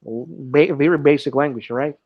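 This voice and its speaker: A man's voice: a little high, measured pace. Male english teacher, live online class, explains step by step, keeps asking okay, dull lo-fi call audio. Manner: explanatory, checks in often with "okay". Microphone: computer mic on a video call.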